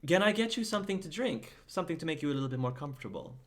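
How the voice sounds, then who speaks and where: A man's voice: a little high, very animated, racing, pitched above the performer's own voice. A man putting on a courtly, genteel interrogator. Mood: genial. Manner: genteel, polite, probing questions. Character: smooth courteous male interviewer, probing.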